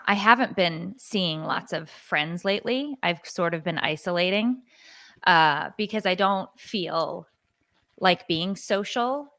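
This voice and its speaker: A woman's voice: fairly low pitch, bright, forceful tone, no echo. A woman in her forties, co-hosting a podcast and telling a rambling, confessional story full of fillers. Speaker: podcast co-host. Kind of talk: casual confessional chat.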